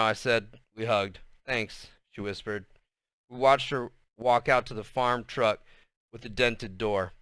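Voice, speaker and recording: A man reading a children's novel aloud in an unhurried voice, with small slips along the way. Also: medium pitch, sharp tone, clean tone, dry recording. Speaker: reader.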